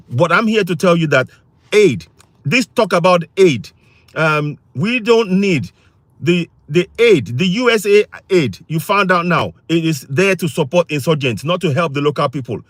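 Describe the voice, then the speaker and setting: Livestream host, man, high voice, dry close sound, insistent and repetitive. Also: lively intonation, moderate pace, fairly bright tone, no room sound. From Africa. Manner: insistent, repetitive, reads and answers chat comments. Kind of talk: impassioned political livestream talk.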